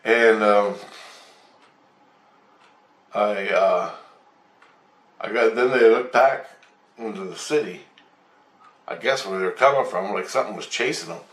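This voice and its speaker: Excitable low-voiced man, echoey room. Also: unhurried, pauses often. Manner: excitable, swears, acts out voices. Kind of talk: rambling storytelling of a vision. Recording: roomy, distant from mic.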